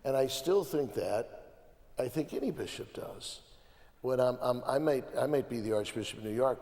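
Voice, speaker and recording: A man's voice: medium pitch, gravelly, a little mellow. A man from the American Midwest, an archbishop speaking as a guest on a panel. He talks emphatically, piling up repeated phrases and restarting his sentences. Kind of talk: conversational panel talk. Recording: long hall reverb.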